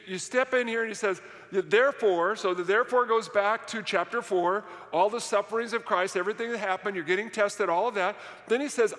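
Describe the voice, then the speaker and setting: Pastor, male, high bright voice, emphatic sermon delivery with call-and-response questions, reverberant church hall. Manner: emphatic, repetitive, asks the audience questions. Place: church worship center.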